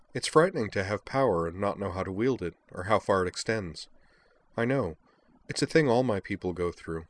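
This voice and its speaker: A man reading the gentle, firm lines of a powerful goddess in a story. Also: lowish voice, close to an everyday voice. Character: calm, kind, powerful goddess woman.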